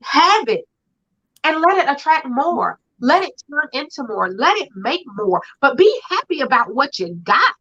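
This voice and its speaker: A woman's voice: high-pitched, very animated, measured pace, bright, forceful tone. A woman hosting a conversational talk show, chatting expressively with vivid everyday images and playful asides. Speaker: podcast host. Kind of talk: casual conversational chat. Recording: dull lo-fi sound.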